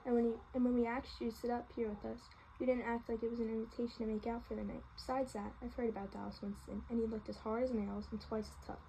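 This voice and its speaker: A woman voicing a composed, frank teenage girl in a calm, thoughtful manner while reading a novel aloud. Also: on the high side, fast talker, creaky, hardly any pauses, slight background noise, low-quality recording.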